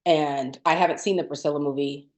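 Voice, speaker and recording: A woman's voice: sits low, fairly even intonation, fairly quick, darkish tone. A woman co-hosting a podcast, chatting casually with many fillers and restarts. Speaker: podcast co-host. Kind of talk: casual chat.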